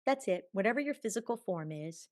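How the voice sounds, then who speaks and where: A woman in her sixties, a podcast guest telling a personal story in an animated way, acting out quoted dialogue and laughing often. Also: medium pitch, brisk. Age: 60s. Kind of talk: storytelling in a conversational interview.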